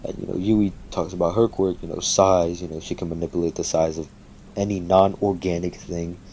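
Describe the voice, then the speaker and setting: A man's voice: deep voice, steady tone, brisk, mellow, slight background noise. A man casually making up and telling a fan story, rambling with lots of fillers and swearing freely.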